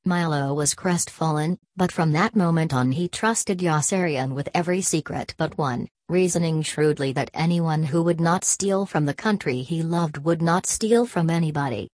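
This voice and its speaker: A woman narrating a novel as an audiobook, in an even, measured reading. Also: low-pitched, dry recording.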